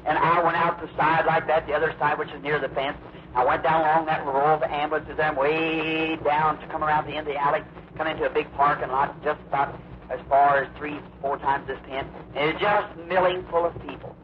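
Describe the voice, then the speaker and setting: A man preaches in a slightly high voice, telling his story slowly and emphatically. He acts out the other people's lines as he goes. The old recording is muffled, with a faint hiss. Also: little pitch movement. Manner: drawn-out, emphatic storytelling with acted quotes. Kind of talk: sermon storytelling.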